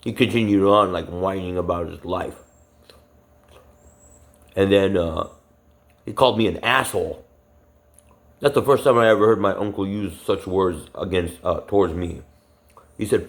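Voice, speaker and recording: A man with a very deep, low voice delivers an agitated, profanity-laced rant to his camera. He rambles, circles back on himself and leans on fillers as he vents. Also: lively intonation, moderate pace, long pauses. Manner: profane, agitated, heavy swearing; rambling with many fillers and restarts. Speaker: vlogger. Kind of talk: angry personal rant.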